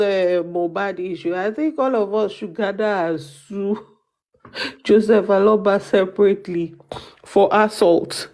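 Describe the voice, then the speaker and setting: Woman co-host, slow-paced, hesitant, sarcastic. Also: mid-range voice, dark tone. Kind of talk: casual chat.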